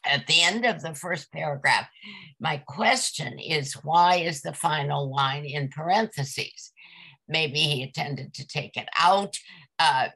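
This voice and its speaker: A woman's voice: low voice, pushed and bright, breathy edge. A woman in a poetry discussion group, thoughtfully analysing a poem's rhythm and wording. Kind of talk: casual literary discussion.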